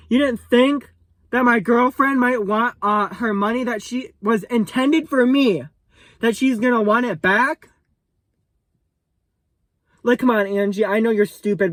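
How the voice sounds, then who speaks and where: A young male vlogger rants furiously at the camera, swearing and confronting someone while repeating himself and stumbling over words. His voice is very high and a bit bright, and the recording is dry.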